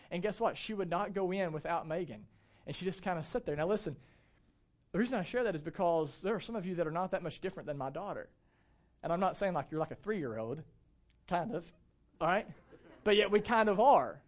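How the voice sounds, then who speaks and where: Man, pastor, 30s, high voice, conversational sermon, animated. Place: church gathering in a cinema.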